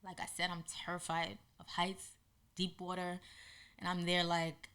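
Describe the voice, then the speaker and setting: Bright-voiced woman telling a story. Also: on the low side, moderate pace, smooth. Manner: animated, acts out quotes in lively voices. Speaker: podcast host. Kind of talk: personal storytelling monologue.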